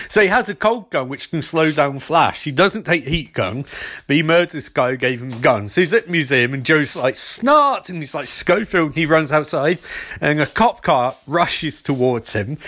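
A man recapping a TV episode in a casual, sarcastic way, jumping into quick mocking voices for the characters. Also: on the high side, fairly bright tone. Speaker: TV episode reviewer.

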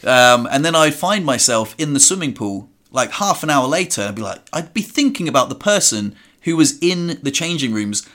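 A man's voice: mid-range voice, very animated, moderate pace, hardly any pauses, a bit bright. Reflective man hosting a podcast. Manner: reflective storyteller. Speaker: podcast host. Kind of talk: casual conversation.

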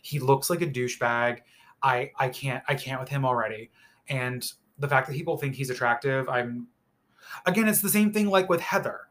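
A man with a bright, sharp-edged voice talks through a TV episode in an unscripted, rambling way. He is blunt and opinionated and swears often, and he leans on filler words as he thinks aloud. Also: medium pitch, normal speed. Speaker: reality TV recap host. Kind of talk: casual TV recap monologue.

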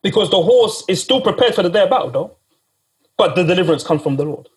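A man's voice: sits high, expressive, fast, breathy edge. A man preaching a sermon in a casual, conversational way, often repeating himself and speaking straight to "guys".

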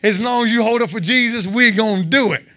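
A man giving a fervent testimony sermon, exhorting listeners and breaking into shouted roars. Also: high voice, a little fast. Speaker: lay preacher.

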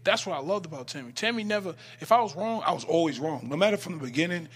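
A man chatting as a podcast guest, telling animated stories about his marriage with loud, laughing bursts. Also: fairly high pitch, fast. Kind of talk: casual storytelling chat.

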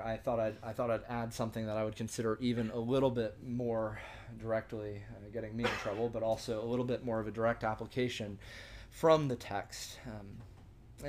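A man's voice: medium pitch, a little mellow, slight background noise. A young man leading a church discussion, teaching in an earnest, conversational sermon style with frequent restarts and rhetorical asides. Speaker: discussion leader.

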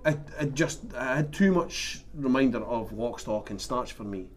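A man in a casual film chat, hesitant and halting. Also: medium pitch, lively intonation.

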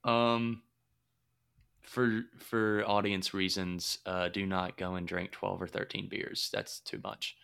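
A man's voice: deep voice, level tone, takes it slowly, gravelly, fairly bright tone, clear, resonant tone. A man co-hosting a podcast in casual chat, teasing and goofing around with frequent laughs. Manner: teasing, goofy, laughs often. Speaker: podcast co-host.

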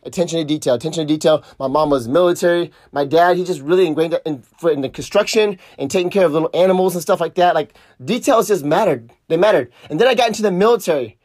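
A middle-aged man hosting a podcast, telling a story in a casual, profane, animated way. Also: sits high, fast, no echo, clean studio sound. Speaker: podcast host.

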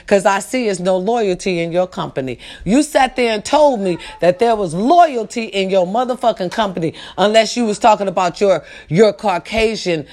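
A woman's voice: mid-range voice, lively intonation, normal speed, hardly any pauses. A woman hosting a podcast, ranting in a casual, emphatic way, swearing freely and talking straight to her listeners. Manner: emphatic, profane, addresses listeners directly. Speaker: podcast host.

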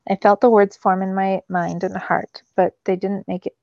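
A woman teacher reading a novel aloud to her students in a steady storytelling way. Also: medium pitch, normal speed, creaky, no room sound, highs cut off.

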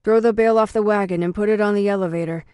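A woman's voice: mid-range voice, fairly even intonation, rapid-fire, a little mellow, clean tone, dry recording, clean studio sound, natural voice. A woman reading as a boy rattling off farm facts. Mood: reciting. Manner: blunt list-like recitation. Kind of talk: audiobook reading.

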